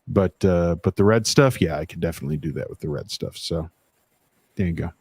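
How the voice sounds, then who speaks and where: Male co-host with a lowish voice, rambling and halting through casual stream chat. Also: darkish tone, husky, no echo. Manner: rambling, halting with many fillers.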